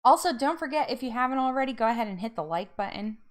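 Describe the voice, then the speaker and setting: Woman, live-stream host, effusive, emotional, lively pitch. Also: fast. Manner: bubbly and effusive, laughs often, emotional. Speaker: livestream host. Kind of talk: casual live-stream chat.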